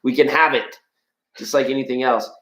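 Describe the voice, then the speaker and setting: A man's voice: steady tone, moderate pace. A man hosting a live tarot reading, talking to his chat in a rambling, playful, jokey way. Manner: rambling, playful, jokey, shifting pitch and loudness. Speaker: tarot reader and livestream host. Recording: echoey room.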